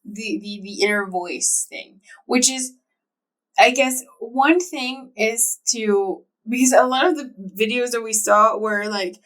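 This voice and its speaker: A woman with a high voice co-hosts a casual podcast, speaking slowly. She is hesitant, repeating words as she looks for what she means. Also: fairly bright tone. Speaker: podcast co-host. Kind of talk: casual chat.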